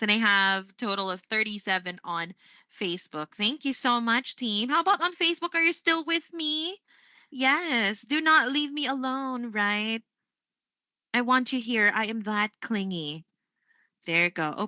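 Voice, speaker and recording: A woman's voice: a little high, pushed and bright, no echo, dull audio. A woman with a Filipino accent teaching a live online English lesson, chatty and upbeat, often saying "there you go.".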